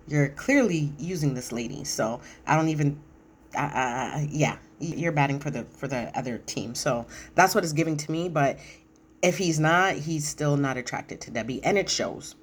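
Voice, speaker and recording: A woman's voice: deep voice, slight background noise. A woman giving casual, chatty recap commentary on a reality show, sassy and opinionated, with lots of fillers.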